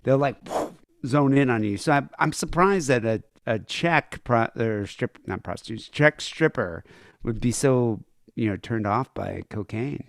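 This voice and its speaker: An American man hosting a podcast, chatting loosely and wandering from point to point. His voice sits at a middle pitch. The sound is dry and close, with no room around it. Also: a little slow, creaky, no room sound. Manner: rambling, offhand. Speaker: podcast host. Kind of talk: casual chat.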